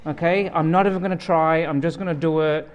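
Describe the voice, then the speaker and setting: A man's voice: fairly high pitch, steady tone, a little fast, clear, resonant tone. A man with an Australian accent, a guest pastor giving a sermon in a joking, conversational way.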